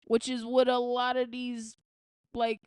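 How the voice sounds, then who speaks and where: A woman's voice: fairly high pitch, completely flat delivery, a little slow, a little mellow, clean tone, no echo. Blunt, profane woman podcast host. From United States. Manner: opinionated, blunt and profane, with frequent restarts. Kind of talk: casual commentary.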